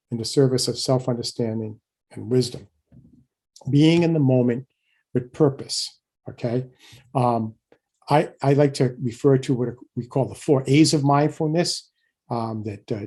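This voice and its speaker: A middle-aged man giving a keynote lecture in a conversational way, often checking in with listeners and getting animated when he acts out examples. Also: mid-range voice, husky. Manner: conversational, frequent restarts and "right?" asides.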